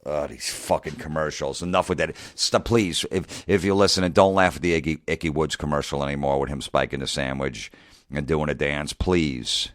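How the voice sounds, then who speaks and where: A man's voice: very deep voice, steady tone, normal speed, dry recording, clean studio sound. A middle-aged man, a comedian and podcast host ranting profanely and acting out old conversations. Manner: profane, exasperated, re-enacts conversations. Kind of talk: ranting monologue.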